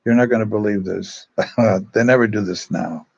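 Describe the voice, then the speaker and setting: An older man, a priest, telling stories in a casual, rambling way, often pausing to search for names and acting out the voices of people he quotes. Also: lowish voice, creaky, breathy edge, lo-fi sound. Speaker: Salesian priest. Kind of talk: casual storytelling.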